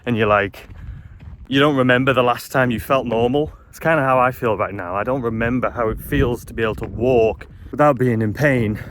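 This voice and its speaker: A man's voice: mid-range voice, fairly quick, fairly bright tone. A man vlogging from a windy mountain trail, slightly out of breath, chatty and frustrated. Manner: chatty, frustrated, self-deprecating. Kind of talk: casual vlog narration while hiking. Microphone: phone camera held while walking. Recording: faint wind noise outdoors. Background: wind noise.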